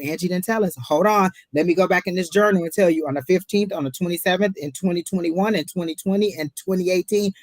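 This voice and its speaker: A woman's voice: low-pitched, dry recording. Chatty tarot reader woman, dry sound. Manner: chatty, emphatic, repeats herself. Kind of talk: casual live-stream reading.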